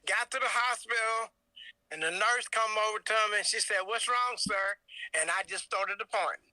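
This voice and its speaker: A man's voice: high-pitched, brisk, sharp tone, no room sound, poor audio. A man telling a family story in short, plain sentences as a guest on his son's livestream. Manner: laconic, short plain replies. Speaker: guest, host's father.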